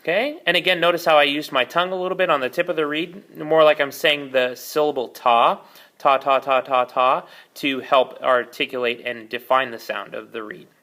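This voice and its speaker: Brief: man, fairly high and bright voice, patient music teacher talking into the camera mic. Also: brisk, hardly any pauses. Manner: patient, explanatory, frequent fillers. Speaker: oboe teacher. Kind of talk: step-by-step music lesson. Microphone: camera mic, repositioned during video.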